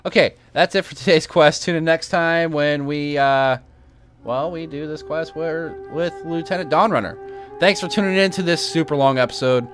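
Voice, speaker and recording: A man's voice: on the high side, normal speed, soft background music. A man hosting a gaming channel, chatting casually with sarcastic, rambling asides while playing. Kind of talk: casual let's-play commentary.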